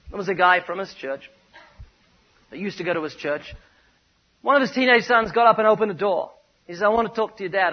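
A man with a New Zealand accent preaching a sermon, telling stories with emphatic, punchy repetition. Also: high-pitched. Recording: dull muffled recording.

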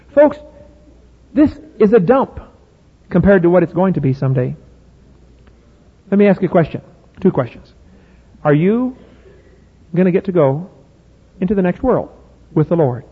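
Middle-aged male preacher, high husky voice, folksy and emphatic, asks the crowd questions. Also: sing-song, moderate pace, pauses often. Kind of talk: sermon. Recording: phone-like audio in a reverberant hall.

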